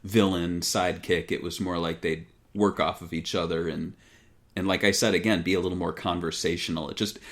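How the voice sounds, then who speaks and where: A man co-hosting a podcast, chatting casually about games with a relaxed, hesitant manner. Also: low-pitched. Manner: relaxed, hesitant, does quick impressions. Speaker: podcast co-host. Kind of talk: casual chat.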